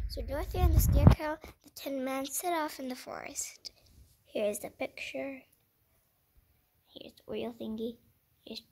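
A woman's voice: high-pitched, a little hiss or hum. A woman casually reading a picture book aloud, stumbling over words, correcting herself and adding chatty asides.

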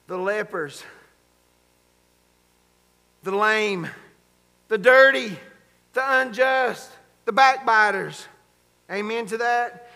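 A man's voice: very high-pitched, sharp tone. A man preaching a fervent sermon, calling out to the congregation for amens in a church sanctuary. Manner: fervent preaching with call-and-response. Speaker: pastor. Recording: long church hall reverb.

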